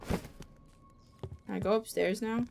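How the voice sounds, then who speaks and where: A woman's voice: a little high, fairly even intonation, a little slow, gravelly, background noise. A woman streamer playing a horror game, jumpy and swearing as she chats to her viewers. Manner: jumpy and swearing, chattering to chat. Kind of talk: casual live-stream chat.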